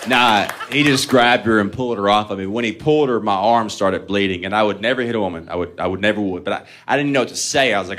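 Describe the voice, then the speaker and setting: A man's voice: on the low side, fast, hardly any pauses, fairly bright tone. A man doing a stand-up comedy set, telling profane, self-deprecating stories and chuckling at his own lines.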